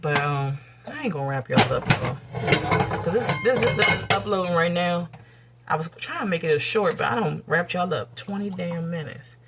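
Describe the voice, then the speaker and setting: A woman's voice: expressive, moderate pace, background noise. A woman from the United States, giving a candid, blunt and profane rant to her camera while cooking. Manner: blunt, profane and heated, with sudden rises in pitch. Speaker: vlogger.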